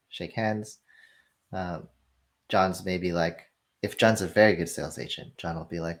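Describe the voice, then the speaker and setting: Interview guest, male, low voice, animated storyteller who plays out the dialogue himself. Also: unhurried, long pauses. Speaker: film industry guest. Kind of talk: casual conversational explanation.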